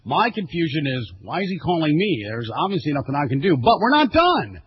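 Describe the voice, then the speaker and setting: A man's voice: fairly high pitch, very animated, fairly quick, breathy edge, no room sound. A man hosting a radio talk show, speaking animatedly and often stumbling over and repeating words. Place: radio studio. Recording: dry, slightly dull radio audio.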